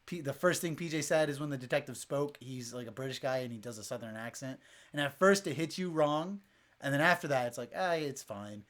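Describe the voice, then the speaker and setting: A man's voice: mid-range voice, fairly quick, fairly bright tone. A young man in casual chat with friends, rambling and swearing as he recaps movies. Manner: rambling, profane, laughs often. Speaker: podcast co-host.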